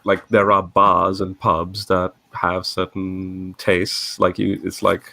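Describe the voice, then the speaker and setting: A man adding his view in a casual panel chat, halting as he searches for words. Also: sits low, monotone, creaky, sharp tone, dry recording.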